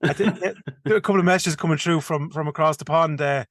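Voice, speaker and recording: A young man from County Kildare with a thick Kildare Irish accent, talking fast and rambling in casual podcast chat, swearing now and then. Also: fairly high pitch, a bit bright, dry recording, clean studio sound. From Ireland. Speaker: podcast co-host.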